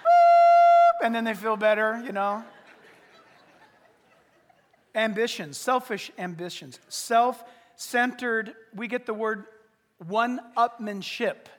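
A male pastor preaching a sermon in a humorous, animated way, acting out little everyday scenes. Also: sits high, unhurried, big-room sound.

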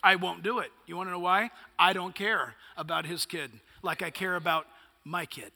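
High, bright-voiced preacher in a hall. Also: male voice, fairly even intonation, moderate pace, gravelly. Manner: emphatic, punchy preaching with rhetorical questions. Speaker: pastor. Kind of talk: sermon.

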